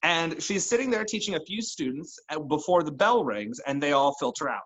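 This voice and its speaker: A man's voice: on the high side, animated, fairly quick, fairly bright tone, rough recording. A man running a tabletop role-playing game, narrating and chatting casually with his players. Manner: casual, chatty, with restarts and laughs. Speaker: game master.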